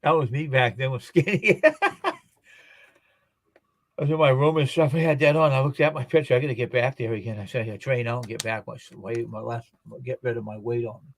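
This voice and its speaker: A man's voice: medium pitch, expressive, brisk. A man chatting casually, telling rambling everyday anecdotes as a guest on a live stream. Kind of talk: casual chat.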